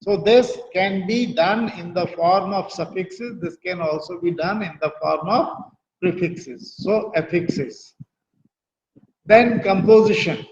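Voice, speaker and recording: A middle-aged Indian English lecturer with a high voice talks at an unhurried pace. He explains step by step and keeps checking in with "right?". The recording sounds dull and roomy, with a long hall echo. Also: a little hiss or hum. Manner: explanatory, asks "right?" after each point. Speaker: guest lecturer, professor of English. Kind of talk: university lecture.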